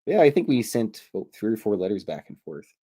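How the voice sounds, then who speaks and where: A man's voice: fairly low pitch, big pitch swings, brisk, warm tone, slightly rough. A Canadian man who hosts a cartoon show, telling meandering, jokey stories and often interrupting himself. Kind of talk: rambling casual storytelling.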